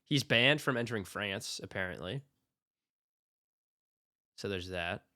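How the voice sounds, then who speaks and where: A young man co-hosting a podcast, telling playful stories and trading deadpan comebacks. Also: on the low side, unhurried, no room sound, clean studio sound. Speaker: podcast co-host. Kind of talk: casual chat.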